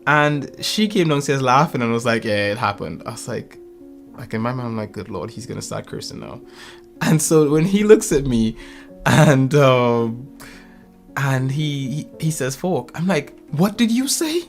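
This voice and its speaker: A man in his thirties casually telling a lively story about his kids, acting out their lines and laughing often. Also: mid-range voice, normal speed, creaky, soft background music. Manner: animated, acts out family quotes, laughs often. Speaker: podcast co-host.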